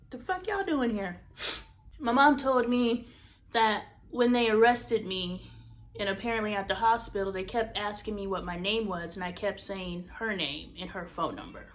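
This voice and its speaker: A woman podcast host with a medium-pitched voice shares an emotional personal story, candid and profane. She moves between emphatic bursts and hushed near-whispers.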